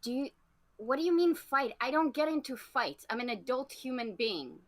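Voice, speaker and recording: A woman guest in a casual debate chat with a sarcastic, deadpan way of joking. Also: sits high, moderate pace.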